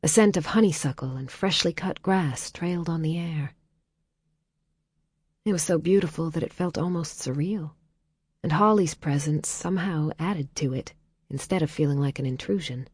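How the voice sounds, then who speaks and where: A woman reading a novel aloud as audiobook narrator in a calm, measured way, dropping soft in tender passages. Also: low voice, husky, no echo, clean studio sound. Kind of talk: scripted narration.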